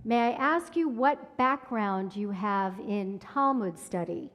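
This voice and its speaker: A woman voicing a patient, wise older male rabbi who questions calmly. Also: mid-range voice, takes it slowly, in a large hall.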